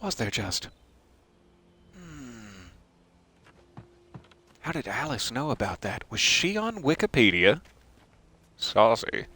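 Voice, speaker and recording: A man's voice: mid-range voice, very animated, takes it slowly, pauses often, bright, forceful tone, breathy edge. A male streamer doing let's-play commentary with puns and dry, sarcastic asides.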